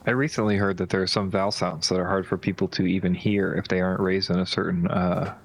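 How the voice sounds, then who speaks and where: A man's voice: sits low, flat delivery, fast, no echo. A man co-hosting a livestream, chatting casually with a loose, filler-heavy way of talking. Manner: chatty, with "like" and "you know" fillers. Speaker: livestream co-host.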